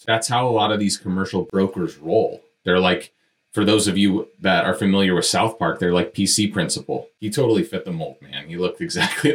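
A man with a deep, low-pitched voice tells a story in a candid, conversational monologue. He is blunt and frank, drops casual swearing, and talks right to his listeners like a podcast host. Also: a bit bright. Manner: conversational, addresses listeners directly. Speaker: podcast host and real estate developer.

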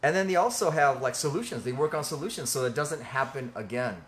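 A man of middling pitch co-hosts a faith discussion in an earnest, conversational teaching style. He speaks haltingly, with frequent fillers, repeated words and restarts. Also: animated, a little hiss or hum. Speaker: ministry co-host.

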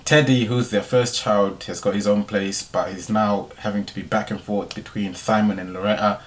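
A young man hosting a podcast, telling a story in a relaxed, slangy way and ending his sentences with tag questions. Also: fairly low pitch, moderate pace. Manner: laid-back slangy delivery, tag questions. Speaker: podcast host. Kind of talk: casual storytelling monologue.

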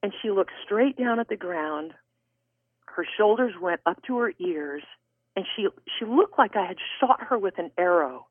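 A woman guest author telling a personal story in an interview, animated and expressive. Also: medium pitch, normal speed, husky, dry recording. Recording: tinny phone line.

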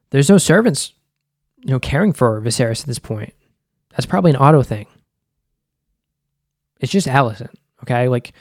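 A man's voice: mid-range voice, no room sound, clean studio sound. A man hosting a podcast, talking loosely in casual commentary, full of "like," restarts and the odd swear word. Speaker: podcast host.

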